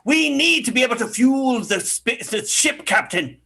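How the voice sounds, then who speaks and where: Guy doing a slobbery space crewman, raspy, begging the captain not to get rid of him. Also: extremely high pitch, expressive, normal speed, sharp tone, voice pushed up, full character voice. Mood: pleading. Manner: pleading, eager. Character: slimy, drooling male space crewman, pleading. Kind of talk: improvised sci-fi comedy scene.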